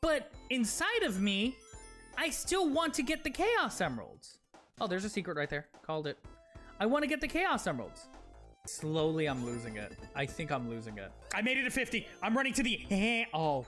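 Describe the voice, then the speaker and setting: A high-pitched man streaming and clowning around, his voice leaping wildly up and down. He shouts and switches between silly voices. Music plays loudly behind him. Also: huge pitch swings, normal speed. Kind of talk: comedic voice-acted streaming skits.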